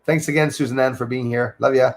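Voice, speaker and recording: Quick-paced and fairly even in intonation, this man's mid-range voice carries a casual livestream. As the host, he reads viewer comments, greets people by name, and rambles on.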